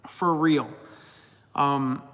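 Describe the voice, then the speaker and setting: A middle-aged man chats loosely on a livestream, reading out member names and laughing often. His voice sits a little high for a man, and a long reverb trails his words. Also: steady tone, very slow, a bit bright. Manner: chatty, laughs often, talks to his dog. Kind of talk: casual livestream chat.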